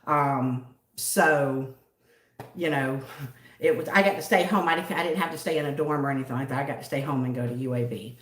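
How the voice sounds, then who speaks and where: A woman's voice: rumbling low, brisk, echoey room. Chatty Southern woman hosting a livestream. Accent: Southern American. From southern United States. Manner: chatty, giggly, greets viewers by name. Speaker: livestream host. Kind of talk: casual livestream chat.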